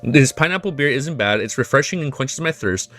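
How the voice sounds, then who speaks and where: Bright-voiced man reading a novel aloud. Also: medium pitch, fairly quick, faint music behind. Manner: reads in a steady first-person narration, breaking off to scold his pet. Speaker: streamer.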